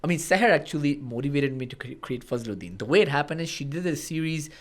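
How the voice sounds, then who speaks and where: A man's voice: a little high, animated, fast. A young man, a comedian and vlogger, telling stories in a casual podcast chat and acting out his own past lines with animation.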